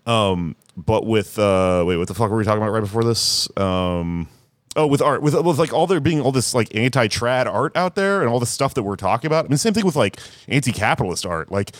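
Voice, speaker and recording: A man's voice: lowish voice, expressive, brisk, no echo. A man talking casually on a podcast, rambling and swearing with lots of fillers. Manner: rambling, profane, many fillers. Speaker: comedian podcast host.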